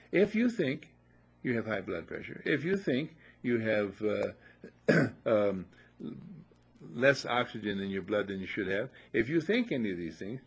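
An older man talks in a relaxed, folksy way, telling little stories and then urging the listener to believe in themselves. His voice has a gravelly, slightly husky edge. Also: mid-range voice. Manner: folksy storyteller, repeats affirmations. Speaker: motivational speaker. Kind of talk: casual motivational talk.

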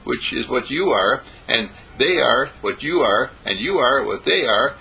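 A man giving a spiritual meditation talk, gentle and repetitive, with sing-song emphasis. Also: medium pitch, lively intonation, measured pace, creaky, hardly any pauses, husky, low-quality recording. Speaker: spiritual teacher. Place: monastery breakfast table.

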